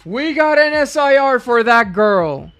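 A woman hosting a live card-opening stream, excitable and repeating hype phrases in bursts. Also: sits high, unhurried, faint music behind.

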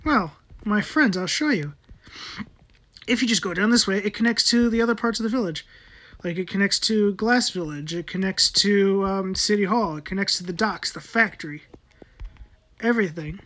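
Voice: mid-range voice, normal speed, fairly bright tone. A person giving casual gameplay commentary, muttering to themselves while building and swearing often.

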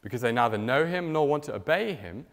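A man preaching a sermon in a church, telling stories with big swings in pitch and loudness. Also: a little fast. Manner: animated storytelling with strong swings in pitch and loudness. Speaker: pastor. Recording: reverberant church hall.

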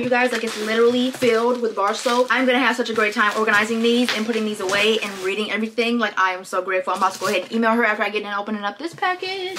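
A young woman chats through a casual vlog. She gushes excitably and keeps saying "like". Her voice is bright and a little high, with faint noise behind it. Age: young adult. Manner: gushing, excitable, says "like" often. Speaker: vlogger.

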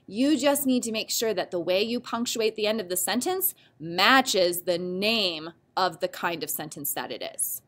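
A woman teaching a grammar lesson, explaining patiently and clearly, step by step. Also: mid-range voice, animated, measured pace, hardly any pauses, fairly bright tone.

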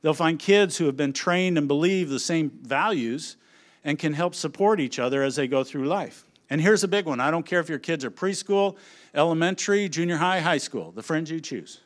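A middle-aged man speaking on a conference stage, telling family stories as an animated storyteller who acts out his family's lines. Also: a little high, moderate pace. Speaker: conference speaker on children's ministry. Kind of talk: humorous presentation to an audience.

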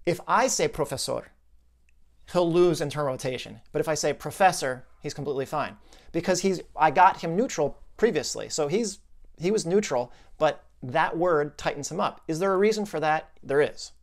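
A man's voice: on the high side, fairly quick. A man explaining a client's case in a conversational video lesson, thinking aloud with asides and restarts.

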